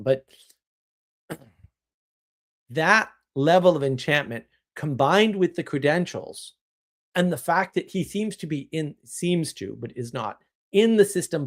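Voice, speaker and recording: Animated, opinionated male live-streamer. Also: fairly high pitch. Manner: animated, opinionated, rambling with restarts. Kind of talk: casual live-stream talk answering chat.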